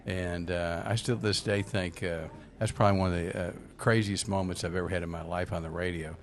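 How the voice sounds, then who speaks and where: Older male radio veteran, very low voice, easygoing anecdotes. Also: fairly quick. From Memphis, USA. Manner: relaxed anecdotal storyteller, many fillers. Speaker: radio host. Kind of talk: casual radio talk and storytelling.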